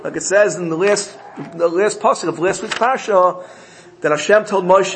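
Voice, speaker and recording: In a Torah sermon, a man tells a parable with animated storytelling, often correcting himself along the way. His voice is high and his pace moderate. The audio quality is poor.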